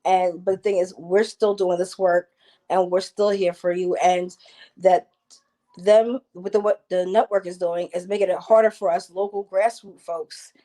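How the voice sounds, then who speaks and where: A woman's voice: fairly low pitch, steady tone, normal speed, mellow. A woman from New Jersey, an activist guest speaking with passion and frequent restarts in a panel discussion over a video call.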